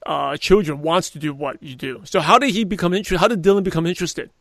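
A man's voice: on the high side, quick pace, dry recording. A man hosting an interview podcast, asking questions and responding with enthusiastic affirmation. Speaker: podcast host.

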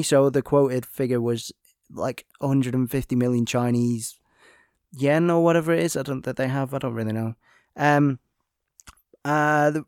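A man's voice: a little high, clear, resonant tone, no echo. Exasperated male film reviewer, dry sound. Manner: animated, exasperated outbursts with many fillers. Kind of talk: casual film review chat.

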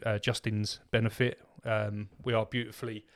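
A man's voice: on the low side, flat delivery, normal speed. Rambling man co-hosting a podcast. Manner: rambling, many "um"s and restarts. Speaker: podcast co-host. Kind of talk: casual podcast chat.

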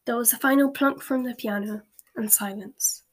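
A woman reads a story aloud in a slow, hushed whisper, now and then tripping over a word. Her voice is breathy and sits a little high. It is a soft, whispered storybook reading. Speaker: story reader.

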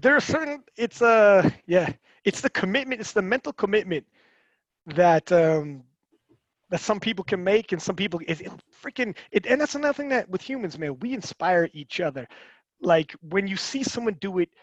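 A man talking casually on a podcast, animated and rambling, with frequent restarts and swearing. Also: high-pitched, normal speed, no echo, dull audio.

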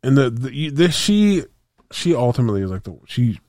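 A man co-hosting a podcast talks in a rambling, slangy, casual way, often restarting and filling pauses. His medium-pitched, slightly mellow voice is very animated and a bit fast. The audio is studio quality with no room sound.

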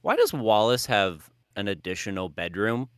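A man's voice: on the low side, sing-song, moderate pace, clear, resonant tone, dry recording, clean studio sound. A man co-hosting a casual podcast chat, joking and telling stories with animation. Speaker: podcast co-host.

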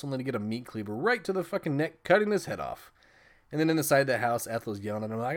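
A man with a mid-range voice hosts a film podcast, speaking fast and animatedly. He gives a casual movie recap, retelling scenes in a rambling, profane way and laughing often.

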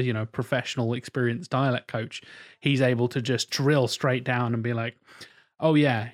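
A man hosting a podcast in casual chat, talking enthusiastically and rambling, often mimicking voices. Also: medium pitch. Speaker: podcast host.

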